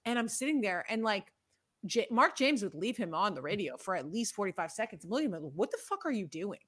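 Bright-voiced woman hosting a sports chat. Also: mid-range voice, quick pace. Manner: chatty, animated storyteller. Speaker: podcast host. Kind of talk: casual sports podcast chat.

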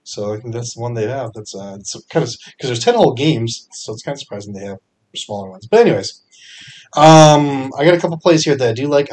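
Man, lowish voice, casual podcast host, energetic, chatty, lots of fillers. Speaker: fantasy sports podcast host. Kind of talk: casual solo podcast picks.

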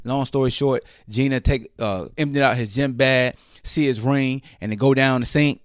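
A man hosting a podcast, ranting in casual slang with incredulous, mocking asides and quick put-on quotes. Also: mid-range voice, fairly even intonation, dry recording, studio quality. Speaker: podcast host. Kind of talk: casual commentary rant.

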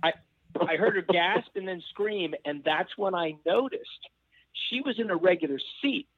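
Animated man telling a story over a thin line. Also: high voice, moderate pace, dry recording, muffled recording. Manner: animated storyteller who acts out voices. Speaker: former sports mascot performer. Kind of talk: storytelling in a panel chat.

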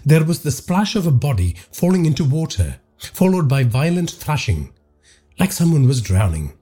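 A man narrating a horror story in a dramatic, expressive reading. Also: on the high side, normal speed, slight background noise.

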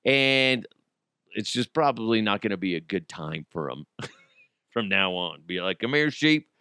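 A man's voice: deep voice, fairly even intonation, a little slow, pushed and bright, smooth, dry recording, clean studio sound. A man hosting a comedy podcast, ranting crudely and mocking people while laughing at his own jokes. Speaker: podcast host.

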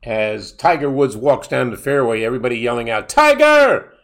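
A male sports radio host steers a casual chat with his guest. His voice sits in a middle register, and he turns animated when he acts out what fans shout. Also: mid-range voice, fairly quick. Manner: animated, mimics fans yelling.

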